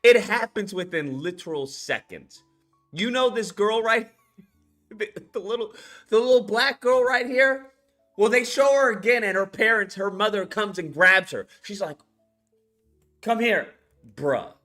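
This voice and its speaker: A man with a high, bright voice gives a casual, rambling movie review rant, swearing freely and restarting his sentences. Faint music plays underneath. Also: normal speed. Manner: rambling, profane, frequent restarts. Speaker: animation YouTuber.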